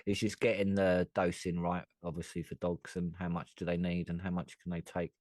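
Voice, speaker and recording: A man's voice: deep voice, completely flat delivery, fairly quick, a little mellow, no room sound. A British man co-hosting a podcast, talking casually, blunt and opinionated, swearing freely. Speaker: podcast co-host. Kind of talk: casual chat.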